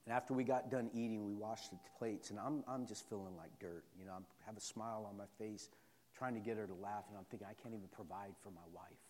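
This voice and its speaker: A pastor preaching a sermon, moving from quiet personal storytelling to loud, repetitive call-and-response preaching. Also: male voice, on the low side, steady tone, fast talker, long reverb tail.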